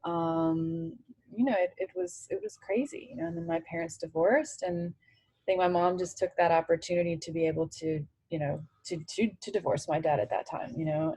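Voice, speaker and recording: A woman's voice: low voice, creaky, dark tone, slightly rough, no echo, poor audio. A woman in her forties, a former tennis player, speaking candidly in an interview, full of "you know" fillers.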